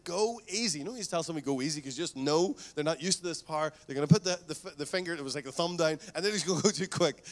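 A male pastor preaching a sermon, telling stories with lively asides and acting out quoted voices. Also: sits high. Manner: animated storytelling, acts out quoted voices.

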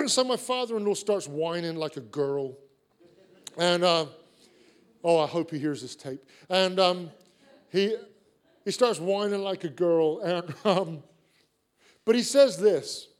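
A man preaching a sermon, an earnest and animated storyteller who likes repeated phrases. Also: sits high, slow pace, pauses often.

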